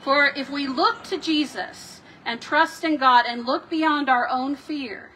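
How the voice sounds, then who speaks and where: A woman pastor delivering a sermon in a measured, reflective way, voicing the questions of scripture with drama. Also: sits high, sharp tone, slight background noise. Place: church sanctuary.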